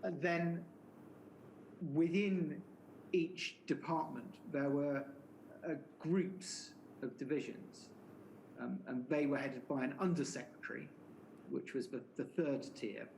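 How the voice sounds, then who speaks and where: A man's voice: on the high side, fairly even intonation, takes it slowly, vocal fry, darkish tone, a little hiss or hum, low-quality recording. A man questioning a witness at a formal inquiry, laying out points methodically, with many fillers. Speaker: inquiry counsel.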